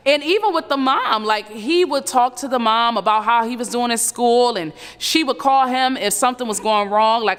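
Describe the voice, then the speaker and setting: A woman in her thirties earnestly recounting a painful personal story, halting and full of fillers. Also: a little high, a bit bright, in a large hall. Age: 30s. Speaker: survivor telling her story. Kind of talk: personal testimony.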